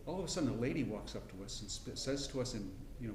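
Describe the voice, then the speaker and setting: A middle-aged man teaching a casual Bible class, folksy and rambling, with frequent restarts and throat clearing. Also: medium pitch, animated, fast, echoey room, noisy background. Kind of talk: casual Bible lesson with personal story. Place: church classroom.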